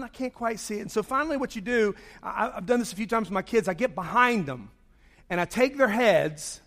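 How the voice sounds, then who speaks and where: A man preaching a conversational sermon after praying, his voice a bit worn from singing. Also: extremely high pitch. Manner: conversational, animated storytelling. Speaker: pastor. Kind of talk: sermon with opening prayer.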